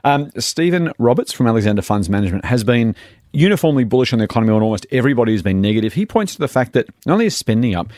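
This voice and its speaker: An Australian man chats about the economy as a podcast host, talking fast with lots of rise and fall in his voice. He is blunt and easily exasperated. The studio sound is dry and close. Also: mid-range voice, sing-song, darkish tone, no room sound. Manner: blunt and exasperated, says "mate". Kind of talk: casual finance chat.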